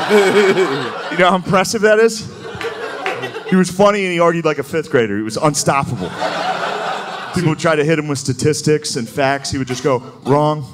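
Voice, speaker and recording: A man's voice: on the high side, noisy background. A man doing a live stand-up comedy set, talking loosely and crudely and chuckling at his own jokes.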